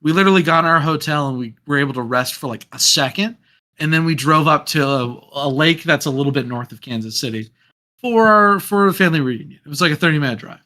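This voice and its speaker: A man hosting a podcast, telling a story in a lively, casual way and acting out what people said. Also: fairly high pitch, fast talker. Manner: animated storyteller who acts out quotes. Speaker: podcast host.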